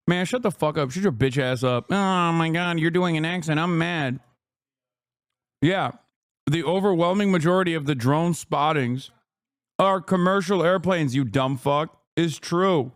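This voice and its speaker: A man's voice: a little high, a little slow. A man in his thirties giving sarcastic, combative stream commentary and swearing often.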